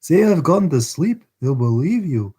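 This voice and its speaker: Man voicing a terrified old crook, wheedling, raised pitch, audiobook style. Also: very animated, moderate pace, mellow, husky. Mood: desperate. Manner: wheedling, desperate pleading. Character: fierce old male criminal, frantic and terrified.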